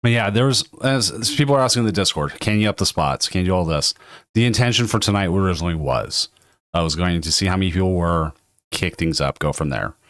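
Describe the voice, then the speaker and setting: Hoarse low-voiced man hosting a stream. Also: animated, fast, fairly bright tone, dry recording, clean studio sound. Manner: rambling, self-interrupting, laughs often. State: hoarse from a cold. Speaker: tournament stream host. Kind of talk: casual livestream hosting.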